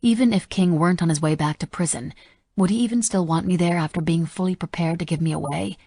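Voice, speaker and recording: Female audiobook narrator, deep raspy tone, sardonic first-person read. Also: quick pace, warm tone, dry recording, studio quality.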